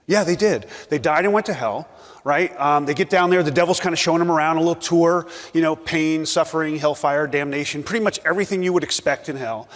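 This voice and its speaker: A middle-aged man giving a casual, joking talk at a conference, full of fillers. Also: a little high. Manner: joking, conversational, many fillers. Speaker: conference speaker. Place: conference hall. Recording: reverberant hall.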